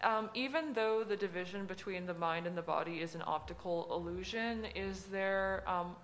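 A woman's voice: medium pitch, normal speed, a little hiss or hum. A woman hosting a casual interview, thoughtful and hesitant with many fillers. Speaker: host.

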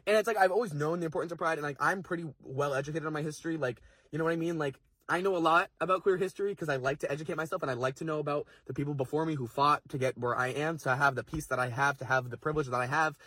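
Young male vlogger, husky and dry, rapid heated rant. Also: fairly high pitch, steady tone, fairly bright tone, no room sound. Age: young adult. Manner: fast, heated, swearing, lots of fillers. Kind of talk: impassioned casual rant to camera.

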